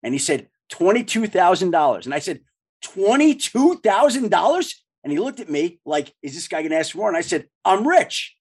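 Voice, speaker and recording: A man in his fifties hosting an interview, swapping animated stories with his guest. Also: on the high side, fast talker, hardly any pauses, husky. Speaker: podcast host, former sportswriter. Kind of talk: casual interview chat.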